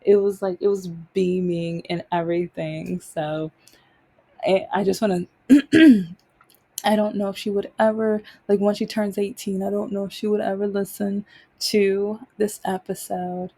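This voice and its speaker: Mellow-voiced woman telling a story. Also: medium pitch, level tone, a little slow. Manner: rambling, with many fillers and restarts; acts out others' lines with rising exasperation. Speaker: podcast host. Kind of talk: casual storytelling.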